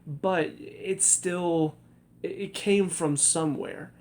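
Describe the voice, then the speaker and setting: A man's voice: on the high side, fairly even intonation, slow pace, darkish tone. A young man giving a casual spoken review of a TV episode, hesitant, with many fillers and restarts. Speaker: TV review vlogger.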